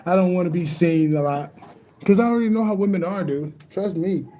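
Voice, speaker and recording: A man talking in a rambling, excitable monologue as a spiritual vlogger, swearing freely and often laughing. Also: sits high, fairly quick. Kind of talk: casual monologue.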